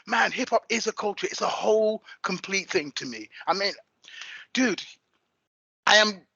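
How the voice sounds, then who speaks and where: A man in his fifties from England, an event MC talking in a casual interview, hyped and animated. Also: high voice, moderate pace, creaky, husky, no echo, dull audio. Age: 50s. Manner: hyped and animated, swinging into playful voices.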